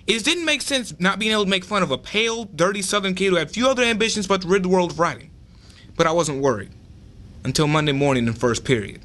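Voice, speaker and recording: A man's voice: fairly high pitch, pushed and bright. A young man reading his own dramatic story aloud at an open mic.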